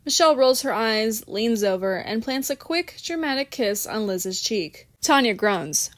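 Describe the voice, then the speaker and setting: A woman's voice: mid-range voice, expressive, measured pace, hardly any pauses, fairly bright tone, dry recording. A woman reading an audiobook in a playful storytelling manner. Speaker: audiobook narrator. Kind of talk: scripted audiobook narration.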